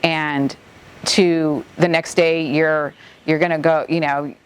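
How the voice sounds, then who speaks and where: A middle-aged woman from the Bahamas, an environmental nonprofit director, recalling a hurricane in an interview, halting and close to tears with many restarts. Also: low-pitched, little pitch movement, clean tone. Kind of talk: emotional interview recollection.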